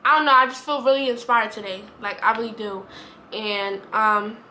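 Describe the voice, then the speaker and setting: A woman's voice: a little high, moderate pace, sharp tone, a little hiss or hum. A woman, talking earnestly to camera in a rambling, repetitive way. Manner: earnest, rambling, repeats herself. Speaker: vlogger. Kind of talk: heartfelt casual talk to camera.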